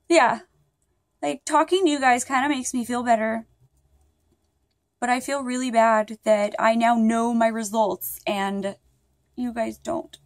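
A woman's voice: fairly high pitch, dry recording. A young woman talks casually to her viewers while lying in bed. She rambles, sounds upset and keeps apologizing. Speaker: vlogger. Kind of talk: casual vlog talk to viewers.

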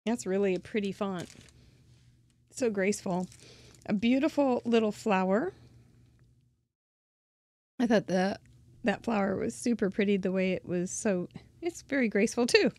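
A woman's voice: medium pitch, a little slow, long pauses, darkish tone, no echo. A woman hosting a craft channel, gushing and chatty as she shows off mail she was sent, often laughing. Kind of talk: casual show-and-tell of mail.

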